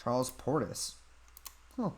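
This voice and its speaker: A man hosting a casual livestream, reading out chat questions and answering them in an offhand, deadpan way at a desk mic. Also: mid-range voice, takes it slowly. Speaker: podcast host answering chat.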